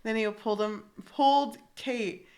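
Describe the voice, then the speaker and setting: High-voiced, expressive woman co-host. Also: measured pace. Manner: expressive, swears freely, acts out quotes. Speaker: podcast co-host. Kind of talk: casual book chat.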